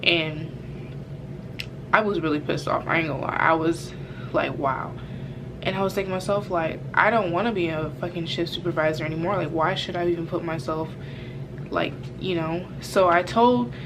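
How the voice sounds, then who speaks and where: A woman's voice: lowish voice, moderate pace. A young woman telling a casual storytime vlog, rambling with lots of fillers and frank cursing. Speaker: vlogger. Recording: background noise.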